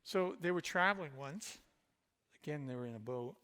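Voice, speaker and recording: A male pastor preaching a sermon, swinging between loud emphatic passages and quiet, intimate ones. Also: fairly high pitch, expressive, normal speed, clean tone. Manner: speaks in Jesus's voice to the listener.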